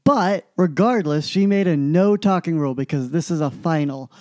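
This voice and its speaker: A young man co-hosting a casual podcast, telling school stories in an animated way and acting out the people he quotes. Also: on the high side, moderate pace, no room sound. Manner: animated storyteller, acts out quoted voices. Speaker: podcast co-host. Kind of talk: casual chat.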